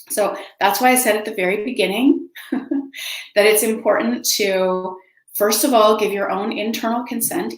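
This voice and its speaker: A woman's voice: medium pitch, normal speed, echoey room, low-quality recording. A woman giving a spoken lesson, earnest and emphatic, repeating key words and acting out sample conversations. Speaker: teacher. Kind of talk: spoken teaching talk.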